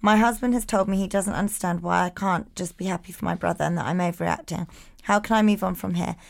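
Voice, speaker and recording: A woman's voice: lowish voice, fairly even intonation, fast talker, creaky. A woman co-hosting a podcast, blunt and swearing freely in casual chat and while reading listener emails. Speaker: podcast co-host.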